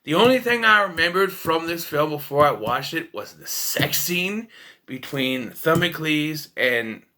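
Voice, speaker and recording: A man's voice: fairly high pitch, animated, unhurried, sharp tone. A man casually ranting about a film as a reviewer, profane and sarcastic. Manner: ranting, profane, jumps into mocking voices.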